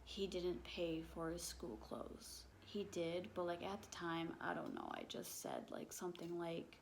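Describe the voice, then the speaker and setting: A young woman telling a personal story as a vlogger, halting and emotional, leaning on "like" as filler and swearing when upset. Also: on the low side, wildly swooping pitch, gravelly, a little hiss or hum.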